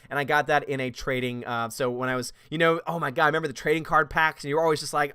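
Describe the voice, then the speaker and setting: A man's voice: medium pitch, fairly even intonation, fast talker, few pauses, bright, forceful tone, clear, resonant tone, no echo, clean studio sound. A man hosting a casual livestream chat, reading viewer comments aloud and answering them with frequent laughs. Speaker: host.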